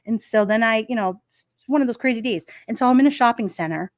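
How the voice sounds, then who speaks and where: A woman's voice: on the high side, quick pace, no echo, clean studio sound. Chatty woman telling stories, laughing. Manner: rambling anecdotes with frequent laughs. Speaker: livestream host. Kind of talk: casual storytelling to chat. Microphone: streaming microphone.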